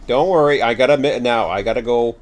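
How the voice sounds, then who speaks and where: A man's voice: mid-range voice, brisk. A man casually chatting and rambling to his viewers while hosting a game livestream, poking fun at himself. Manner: rambling, chatty, self-mocking. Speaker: game streamer.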